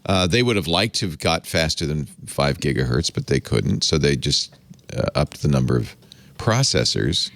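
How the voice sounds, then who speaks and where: A man hosting a tech podcast, asking panelists questions with quick, lively asides. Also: rumbling low, vocal fry, no echo. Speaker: host. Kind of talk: casual tech podcast discussion.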